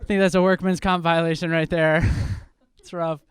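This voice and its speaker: Smooth-voiced stand-up comic, self-deprecating. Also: male voice, fairly high pitch, moderate pace, no echo, studio quality. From New Jersey. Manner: self-deprecating, relaxed deadpan delivery. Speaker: stand-up comedian. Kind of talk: stand-up comedy set. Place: comedy club stage.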